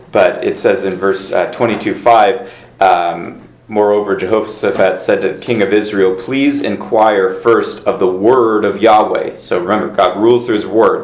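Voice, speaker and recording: A man teaching a casual Bible class, talking with many fillers and reading verses aloud to his students. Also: on the low side. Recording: echoey room.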